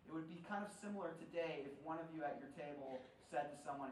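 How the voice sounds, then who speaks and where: A man in his forties with a slightly raised pitch lectures in the easy, wry manner of a storyteller. He is picked up from some distance, so the voice rings in a roomy hall with a faint hum of ambience behind it. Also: quick pace, few pauses. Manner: conversational storyteller, wry humor. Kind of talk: lecture-style talk to a live audience.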